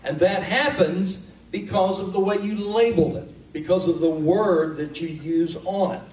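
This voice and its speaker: Guy preaching a sermon, pretty high voice, sounds far off in a big echoey room. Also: darkish tone. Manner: conversational, emphatic preaching with pauses. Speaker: pastor. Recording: echoey hall recording from far off.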